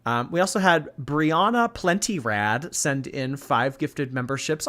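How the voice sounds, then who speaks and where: Sarcastic man with a bright, lively voice. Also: medium pitch, moderate pace, few pauses. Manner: sarcastic, blunt and profane. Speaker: streamer commentary host. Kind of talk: live-stream commentary.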